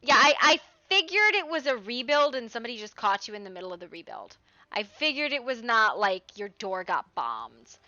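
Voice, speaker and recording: A woman's voice: fairly high pitch, very animated, moderate pace, bright, forceful tone, no echo. A woman streaming from home in casual, chatty talk, swearing freely and baby-talking to her dogs, heard over a dull lo-fi recording with faint music. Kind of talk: casual chat.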